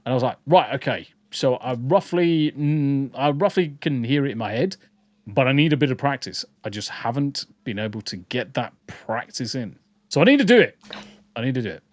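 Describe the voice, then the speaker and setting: A man's voice: medium pitch, moderate pace, darkish tone, no room sound. Male co-host, casual ranting chat, sweary, dry close sound. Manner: blunt, sweary, rambling with restarts. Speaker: podcast co-host. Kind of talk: casual live-stream chat.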